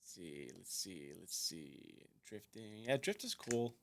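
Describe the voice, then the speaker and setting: A man's voice: deep voice, sing-song, slow pace, vocal fry, a little hiss or hum. A man live-streaming from his piano, chatting casually, reading viewers' messages aloud and humming to himself as he mulls them over. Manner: musing aloud, reading chat, humming, laughing. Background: soft background music.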